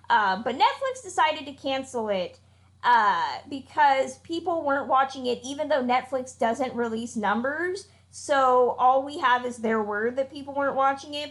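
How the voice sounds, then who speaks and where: Outspoken, fairly high-voiced woman podcaster. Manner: emphatic, blunt, swears freely. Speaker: podcast co-host. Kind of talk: casual opinionated chat.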